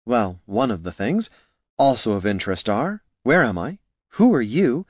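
A man voicing a boisterous, tipsy female elf adventurer who talks in a loud, gushing way. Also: mid-range voice, moderate pace, no room sound, clean studio sound. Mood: dry curious. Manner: loud, gushing, slurred excitement.

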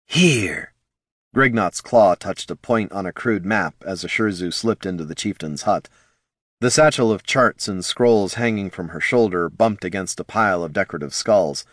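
A man narrating a fantasy audiobook in an even, measured way. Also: low-pitched, dry recording, clean studio sound.

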